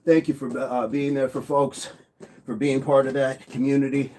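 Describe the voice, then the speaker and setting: A man's voice: mid-range voice, little pitch movement, normal speed, warm tone, a little hiss or hum. Man hosting a live workout stream. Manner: counts reps aloud, greets viewers by name. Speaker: fitness livestream host. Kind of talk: live workout coaching and chat.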